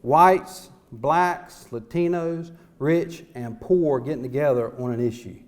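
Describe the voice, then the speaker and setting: A man's voice: mid-range voice, slow, hardly any pauses, darkish tone, some chatter behind. A middle-aged man, a small-town mayor giving an impassioned, folksy speech full of rhetorical questions at a conference. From North Carolina. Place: conference hall.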